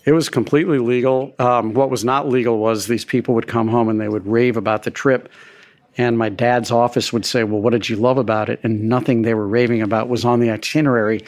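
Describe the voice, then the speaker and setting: A middle-aged man, a restaurateur guest, telling relaxed, self-deprecating stories in a conversational interview. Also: mid-range voice, a little fast.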